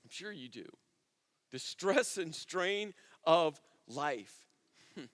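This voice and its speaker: A man with a high, light voice preaches to his congregation in a conversational way. He often repeats words and sinks to a near-hush on the phrases that matter most. His voice rings out through a church hall with a long echo. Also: lively intonation, takes it slowly. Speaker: pastor. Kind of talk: sermon.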